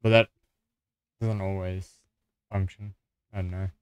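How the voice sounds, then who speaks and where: A man streaming live, chatting casually and trailing off quietly at the ends of his thoughts. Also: deep voice, level tone, unhurried, slight background noise.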